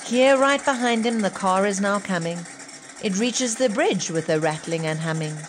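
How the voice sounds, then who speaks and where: A woman reading a children's picture book aloud, with measured, expressive storytelling. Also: mid-range voice, slight background noise. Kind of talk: children's read-aloud narration. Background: music.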